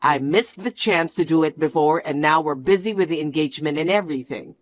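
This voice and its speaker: A woman's voice: deep voice, brisk, close to an everyday voice. A woman voicing a defensive, demanding young man out of work, read as a storybook. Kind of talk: storybook narration.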